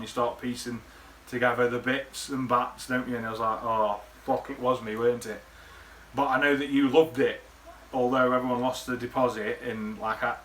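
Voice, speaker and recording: Bright-voiced sweary man. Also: mid-range voice, a little hiss or hum. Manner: sweary, rambling, laddish banter. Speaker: vlogger. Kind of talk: casual reminiscing monologue.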